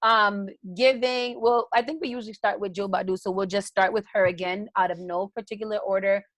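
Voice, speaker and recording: A woman hosting a casual podcast, her voice sitting at an ordinary middle pitch. She talks in a loose, joking manner and swears freely as she moves from guest to guest. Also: steady tone, a little fast, a bit bright. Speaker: podcast host.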